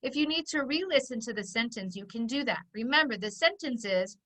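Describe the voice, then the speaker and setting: A woman phonics teacher giving an online lesson, dictating sentences slowly and clearly for young children. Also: fairly high pitch, expressive, bright, forceful tone, poor audio. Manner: slow, clear dictation, stretching words out for children.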